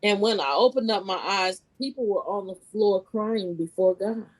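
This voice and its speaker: A woman guesting on a podcast as a spiritual life coach, telling a personal story casually and expressively, her voice leaping high at the big moments. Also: normal speed, low-quality recording. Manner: animated, expressive retelling with sudden pitch leaps; casual, informal phrasing with restarts.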